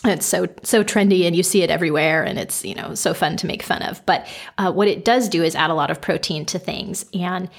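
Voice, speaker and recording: A middle-aged woman co-hosting a podcast, talking in a relaxed, conversational way with many fillers. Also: fairly low pitch, a little fast, creaky. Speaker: podcast co-host. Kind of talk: casual chat.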